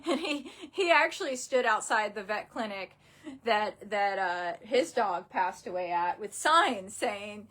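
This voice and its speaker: A young adult woman telling a painful personal story in a halting, upset way, full of restarts and fillers, grieving and close to tears. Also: medium pitch, expressive, a bit bright. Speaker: vlogger.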